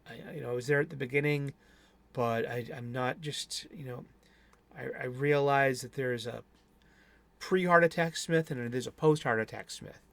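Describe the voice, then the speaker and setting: A man's voice: medium pitch, normal speed, gravelly, a bit bright, no echo. A man talking casually about a horror movie on his own channel, rambling with restarts and asides. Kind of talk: casual movie review monologue.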